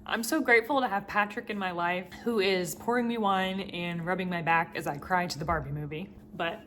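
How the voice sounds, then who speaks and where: This vlogger, a woman in her thirties, has a lowish, fairly bright voice and a brisk delivery as she opens up to the camera. Her personal story comes out candid, emotional and wryly funny, over a faint hiss or hum.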